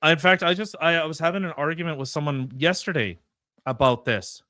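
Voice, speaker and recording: Heated, bright-voiced podcast host man. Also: fairly high pitch, a little fast, dry recording, studio quality. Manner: indignant, heated, stammering restarts. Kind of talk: opinionated commentary.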